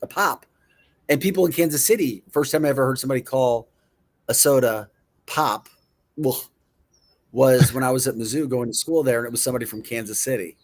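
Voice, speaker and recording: A man's voice: medium pitch, fairly quick. A middle-aged man hosting a casual chat show, playful, repeating words in mock pronunciations and chuckling often. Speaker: show host.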